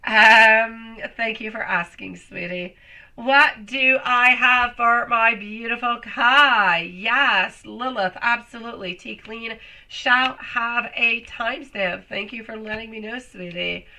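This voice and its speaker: A woman's voice: a little high, takes it slowly, creaky, bright, forceful tone, low-quality recording. A woman doing a live tarot reading, chatty and affectionate, calling viewers sweetie and love, her voice still a little off while she recovers. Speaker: tarot reader.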